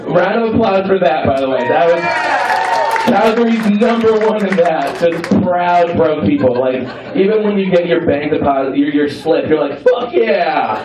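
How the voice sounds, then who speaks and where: A man's voice: a little high, expressive, moderate pace, recorded from a distance, background noise. Young male comic riffing with a crowd. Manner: playful, crowd-teasing, swears freely. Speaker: stand-up comedian. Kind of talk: stand-up comedy set. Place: comedy club. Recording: roomy club sound from afar, dull. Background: audience laughter.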